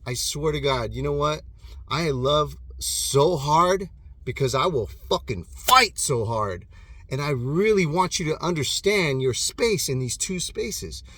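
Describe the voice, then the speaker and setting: A man's voice: fairly high pitch, expressive, measured pace, dry recording. Male, 30s, motivational vlogger, dry close sound, intense and profane, volume swings hard. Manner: passionate and profane, swings between loud bursts and hushed intensity. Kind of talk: impassioned motivational monologue. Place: alone in his own private room.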